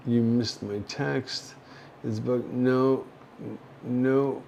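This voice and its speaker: Slow, rambling older man on a livestream. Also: mid-range voice, fairly even intonation, creaky, muffled recording, slight background noise. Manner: halting and rambling, with many fillers and soft chuckles. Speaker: livestream host reading viewer chat. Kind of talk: casual livestream chat.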